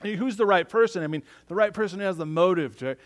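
A pastor preaches a sermon in a voice slightly higher than most men's. His delivery is conversational, and he keeps tossing quick check-in tag questions at his listeners as he goes.

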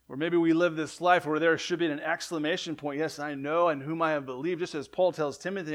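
A man preaching a sermon in a conversational way, often asking "right?", correcting himself, and swinging between loud emphatic lines and quiet ones. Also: fairly high pitch, fairly even intonation, fast talker, hardly any pauses. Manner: conversational, frequent "right?" asides and self-corrections. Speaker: pastor.

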